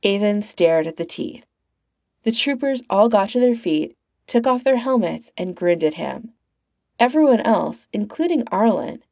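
Gravelly-voiced woman reading a story. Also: medium pitch, dry recording, clean studio sound. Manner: expressive storytelling. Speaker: reader. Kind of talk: reading fan fiction aloud.

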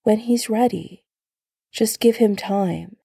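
A teasing, easygoing young man chatting on the phone, voiced by a woman reading a story. The voice is gravelly and warm, with a light, reassuring manner. It moves at an unhurried pace. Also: medium pitch, no room sound, studio quality, exaggerated voice. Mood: gentle.

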